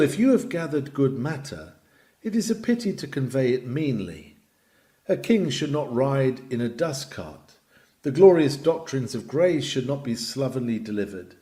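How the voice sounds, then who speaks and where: Guy reading an old lecture on preaching, voice climbs and dips a lot, middle pitch. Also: mellow. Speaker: reader.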